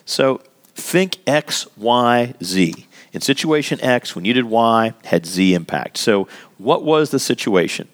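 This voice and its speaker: A man leads a workplace lesson, his voice rising and falling widely as he talks. He leans hard on key words and draws them out. The delivery stays conversational and relaxed rather than scripted. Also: mid-range voice. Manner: animated and emphatic, stretching key words. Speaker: workplace communication instructor. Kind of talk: instructional talk.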